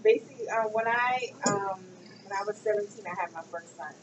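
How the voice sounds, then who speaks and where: A woman's voice: mid-range voice, a little fast. A woman telling a personal story in casual conversation, acting out the people in it. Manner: animated, acts out other people's voices in her story. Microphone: computer webcam mic. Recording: distant, dull, noisy room recording.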